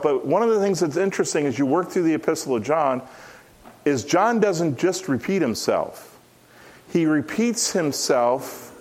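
A middle-aged pastor delivers an expository sermon earnestly and emphatically. He repeats key phrases, and his pitch climbs whenever he presses a point.

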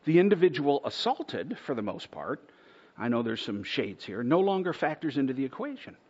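A man preaching a sermon in an earnest style, building to loud, emphatic stretches and dropping to a hush on key words. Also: mid-range voice, big pitch swings, moderate pace, lo-fi sound. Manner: earnest preaching, swells louder to a near-shout at points, drops to a hush on key words. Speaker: pastor.

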